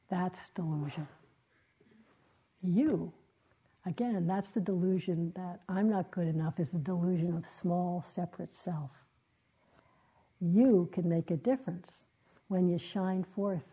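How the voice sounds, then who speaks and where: A woman meditation teacher giving a dharma talk in a gentle, reflective way, with halting, searching phrases. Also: lowish voice, husky, poor audio. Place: meditation hall.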